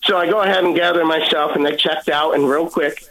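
A man speaks as a guest on a radio broadcast, telling a personal story in an earnest way. He acts out the lines of the people in it, and his voice sits a little high for a man. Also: fairly even intonation, fairly quick, a bit bright, poor audio. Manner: earnest storytelling, acting out dialogue. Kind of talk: personal testimony.

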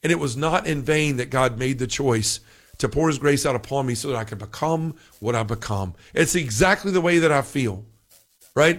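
A man teaching on scripture in a fervent, excitable way, quoting passages as he goes. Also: on the high side. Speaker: podcast preacher.

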